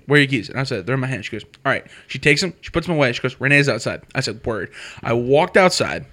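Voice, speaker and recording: Twenties guy, bright lively voice, excited rambling story. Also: medium pitch, fast talker. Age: 20s. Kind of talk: casual chat among friends.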